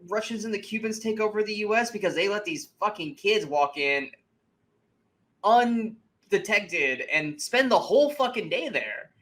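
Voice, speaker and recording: A man co-hosting a movie review podcast, chatting casually in an animated, profane way and acting out scenes in mocking voices. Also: on the high side. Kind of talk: casual chat.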